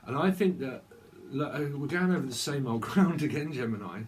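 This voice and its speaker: A man's voice: medium pitch, animated, moderate pace, slight background noise. Rambling man giving a tarot reading. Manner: rambling, free-associating, sings snatches of songs. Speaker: tarot reader.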